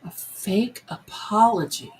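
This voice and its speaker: A woman talks slowly and thoughtfully through a live tarot reading. She drifts between addressing her viewers and calling out to her cats at home. Her pitch sits in the middle range. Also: expressive, darkish tone, low-quality recording. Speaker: psychic medium livestream host.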